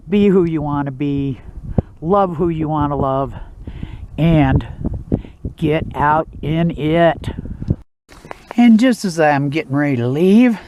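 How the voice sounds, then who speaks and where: A man's voice: a little high, background noise. A man chatting casually to the camera outdoors at a backcountry campsite, rambling and laid-back with lots of fillers. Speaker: outdoor vlogger. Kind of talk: casual outdoor vlog chat.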